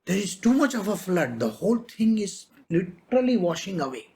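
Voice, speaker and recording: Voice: medium pitch, sing-song, darkish tone. A spiritual master giving a devotional discourse, telling a parable with frequent chuckles. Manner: slow storytelling, chuckling.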